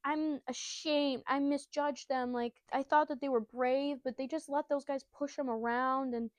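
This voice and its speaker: A woman doing a shrill indignant young boy. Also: fairly even intonation, measured pace, no room sound. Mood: sulky.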